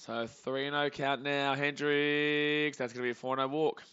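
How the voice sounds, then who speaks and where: A young Australian man hosting a live baseball reaction stream, joking with chat and calling pitches, swinging from muttering to shouting. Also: normal speed, smooth, lo-fi sound. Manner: excitable, jokey, swings between muttering and shouting.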